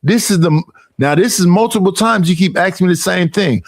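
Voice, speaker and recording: Streamer, man in his 50s, gravelly and high, heated profane monologue, dry close mic. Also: a little fast, dry recording. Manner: profane, emphatic and repetitive, mimicking others.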